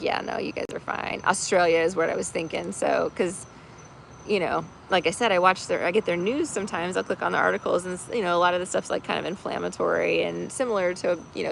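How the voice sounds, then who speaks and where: A woman host chats casually on a livestream in a strongly gravelly, creaky voice. She rambles, leans on fillers and laughs easily as she talks. Faint background noise sits under her voice. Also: lowish voice, steady tone, fast, fairly bright tone, poor audio. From United States. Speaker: tarot reader and channel host.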